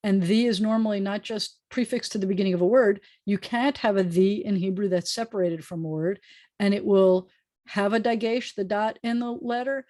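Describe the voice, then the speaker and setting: Woman rabbi teaching hebrew on a video call, patient, says words over slowly, mid-pitched voice. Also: warm tone. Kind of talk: online class lecture.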